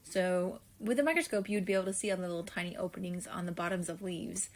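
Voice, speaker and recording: A woman teacher talking students through a video lesson, slow and deliberate, thinking aloud while she writes and speaking to them directly. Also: on the low side, slight background noise. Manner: friendly, addresses students directly. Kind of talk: classroom video lesson, filling in notes.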